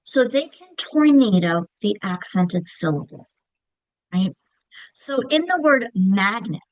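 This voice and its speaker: A woman giving a casual, clear instructional presentation on reading, stretching example words to show emphasis. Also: on the high side, no room sound, rough recording. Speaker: literacy teacher trainer.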